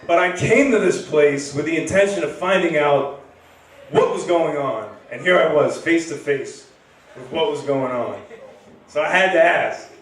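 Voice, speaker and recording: A man's voice: on the high side, measured pace, far from the mic. Man doing stand-up in an echoey room. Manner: casual rambling storytelling. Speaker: stand-up comedian and host. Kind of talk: stand-up comedy. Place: comedy bar stage.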